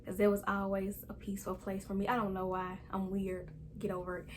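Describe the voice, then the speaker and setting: A woman's voice: mid-range voice, monotone, brisk, darkish tone, a little hiss or hum. A young adult woman telling a personal story to camera in a casual, conversational way, acting out quoted lines. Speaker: vlogger.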